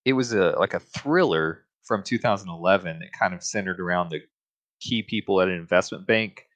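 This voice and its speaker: A man co-hosting a podcast, chatting casually and explaining things at a measured pace with some hedging. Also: sits low, fairly bright tone, no echo. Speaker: podcast co-host. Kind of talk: casual chat.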